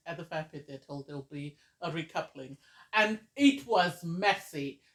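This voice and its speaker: A man chatting through a casual review and recap of a reality TV episode, gushing and exclamatory. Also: sits high.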